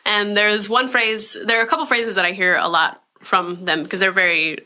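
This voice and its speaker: A woman voice actress guesting on a podcast and telling rambling stories in casual chat. She laughs often. Her voice is bright and sits at a mid pitch. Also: fairly even intonation. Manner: quick, rambling storytelling with laughs.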